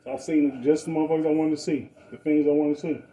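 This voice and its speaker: A man's voice: fast talker, low-quality recording. Man telling a street story. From Detroit. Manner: animated, acts out other people's voices in a higher pitch; profane street slang. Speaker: podcast storyteller. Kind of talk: casual storytelling.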